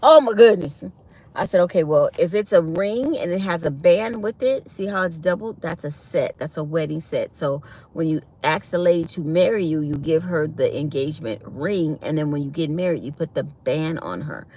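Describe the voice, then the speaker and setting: A woman vlogger telling a personal story in a casual, animated way, laughing often and quoting others. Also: deep voice, moderate pace, a little hiss or hum.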